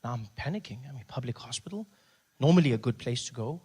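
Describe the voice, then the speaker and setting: A male stand-up comedian, telling a story in an animated way and acting out scenes. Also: mid-range voice, fast talker, breathy edge. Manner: animated, acts out scenes, rising to shouts.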